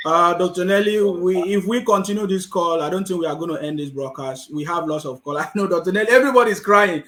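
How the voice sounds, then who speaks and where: A man hosting a call-in talk show, taking callers in a brisk, encouraging manner. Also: high voice, fairly even intonation, fairly bright tone. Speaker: host.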